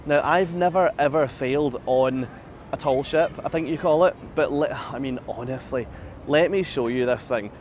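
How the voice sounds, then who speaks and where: A man's voice: mid-range voice, moderate pace, a little hiss or hum. Chatty man vlogging on a ship deck. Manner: chatty, self-deprecating, laughs often, many restarts. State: slightly out of breath. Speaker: cruise vlogger. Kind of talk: live-streamed walking vlog, answering viewer comments. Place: outdoor upper deck of a cruise ship. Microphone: phone camera held at arm's length.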